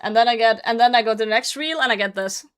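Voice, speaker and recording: A woman's voice: a little high, fast, a little hiss or hum. Profane, laughing woman streamer. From outside the US. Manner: blunt, swears freely, laughs often, flares into mock rants. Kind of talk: casual live-stream chat.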